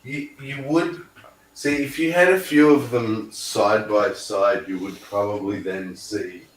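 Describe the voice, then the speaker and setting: A man's voice: fairly low pitch, unhurried, roomy sound, rough recording. A man with an Australian accent hosting a casual chat, easygoing and asking curious questions. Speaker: host.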